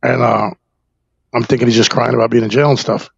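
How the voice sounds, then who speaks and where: Telling a personal story on a podcast, a guest from New Jersey rambles candidly, stumbling through fillers and swearing. He speaks at a medium pitch with little variation, vocal fry, and a breathy edge, and the recording is dry and dull.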